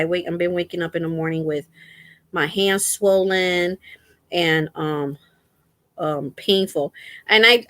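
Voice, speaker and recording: Woman host for a casual crafting livestream, slow and unhurried, rambling and faith-filled, dry close sound. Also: lowish voice, a bit bright, no room sound. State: in pain, resting a sore foot.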